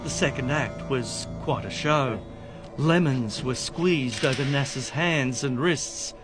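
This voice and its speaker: A male narrator at a middle pitch reads a scripted voice-over, building suspense with a teasing edge. Clear music plays underneath throughout. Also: slow pace. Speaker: reporter narrator.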